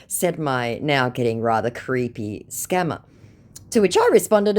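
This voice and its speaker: A woman's voice: very deep voice, sing-song, moderate pace, darkish tone. A young woman reading out chat messages in a dry, sarcastic comedic narration. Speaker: scambaiter narrating chats.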